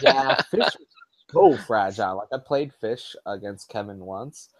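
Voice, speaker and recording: A man's voice: lowish voice, animated, a little slow. A man casually chatting on a stream, telling funny stories animatedly and laughing a lot. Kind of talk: casual chat.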